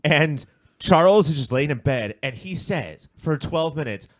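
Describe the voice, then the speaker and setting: Animated jokey man, dry mic. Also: fairly high pitch, a little slow, no echo. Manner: animated, jokey, swears casually. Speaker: podcast co-host. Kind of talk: casual chat.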